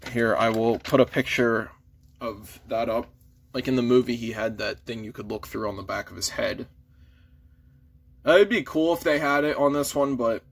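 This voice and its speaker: A man's voice: mid-range voice, a bit bright, slight background noise. A man casually reviewing a toy figure in an easygoing, mild way, shrugging off small flaws. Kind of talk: casual chat.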